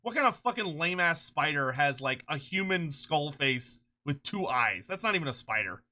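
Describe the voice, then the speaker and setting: A streamer chatting casually on a live stream, excitable and rambling, swearing freely and laughing often, short on sleep. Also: medium pitch, normal speed. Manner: rambling with frequent restarts.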